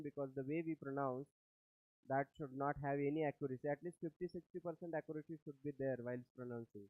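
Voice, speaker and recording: A man's voice: on the high side, no room sound. A man with an Indian English accent gives a classroom lecture, explaining step by step and often checking "do you understand?". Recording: tinny phone-like lecture recording.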